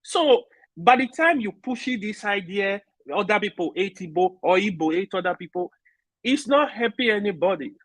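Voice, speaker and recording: A man making an earnest, halting point in a group discussion. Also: high-pitched, animated, a bit bright, no echo, low-quality recording. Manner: earnest, halting, repeats words. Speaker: discussion participant.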